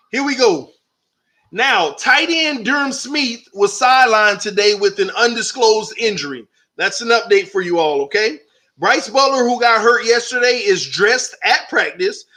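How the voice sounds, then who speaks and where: A man hosts a live football stream, his voice pitched high and ringing bright. He talks animatedly, reads out updates and argues back at comments from his viewers. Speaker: sports channel host.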